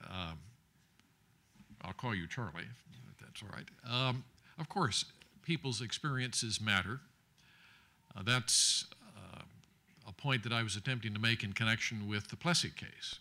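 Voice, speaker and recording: An older man, a former judge, answering on a law school panel in a dry, measured way with frequent hesitations. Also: lowish voice, bright, forceful tone. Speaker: former judge, lecture guest. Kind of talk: panel discussion. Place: law school lecture event.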